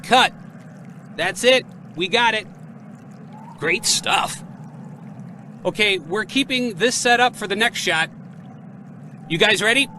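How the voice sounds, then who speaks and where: A man's voice: high voice, pushed and bright, slight background noise, heavily acted. An actor playing an effusive male film director who gushes praise and gives notes. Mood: enthusiastic. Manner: gushing, fast to praise and direct. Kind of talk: audio drama acting.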